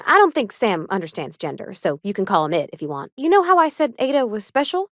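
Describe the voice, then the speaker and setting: A woman's voice: mid-range voice, sing-song, fast talker, no room sound, studio quality. An actress playing a sweet, earnest young woman ship engineer who talks in a folksy, homespun drawl, shy and kindly. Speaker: game companion character. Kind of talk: video game voice acting.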